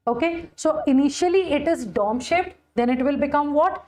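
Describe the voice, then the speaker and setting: A high-pitched woman with an Indian English accent lectures on biology. She repeats each key point, and checks in with her students often. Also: normal speed, darkish tone. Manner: addresses students with Hindi endearment "bache". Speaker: biology teacher. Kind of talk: online exam-prep lecture.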